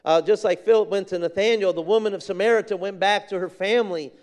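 A man's voice: high-pitched, fairly even intonation, fast talker, a little mellow. A man preaching a sermon with fervor, repeating phrases for emphasis and reading scripture in King James wording. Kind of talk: sermon with a personal story.

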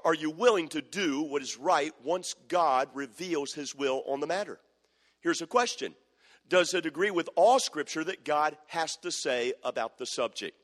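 A man's voice: on the high side, a bit bright. Man, preacher, sermon, emphatic, repeating questions, raised voice, church reverb. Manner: emphatic, repeats questions, cites verses in old scripture wording. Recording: long hall reverb.

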